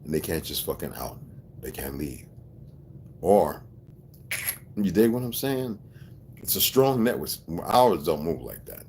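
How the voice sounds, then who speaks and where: Deep-voiced man in a profane, emphatic rant. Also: sing-song, unhurried, pauses often, darkish tone, a little hiss or hum. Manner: often asks listeners if they follow. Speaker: video blogger. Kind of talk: rambling personal monologue.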